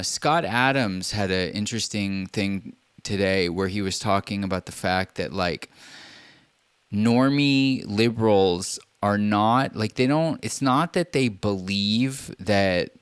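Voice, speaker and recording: A man's voice: deep voice, fairly bright tone, clear, resonant tone, dry recording. A man streaming live, ranting bluntly in a casual monologue full of swearing.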